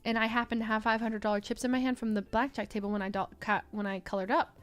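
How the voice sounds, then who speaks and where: A young woman with a high, bright-pitched voice tells a story in casual chat. She's animated and keeps slipping into quoted voices. Faint music plays behind her. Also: fast talker, smooth. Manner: animated, acts out others' lines. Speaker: streamer telling a story.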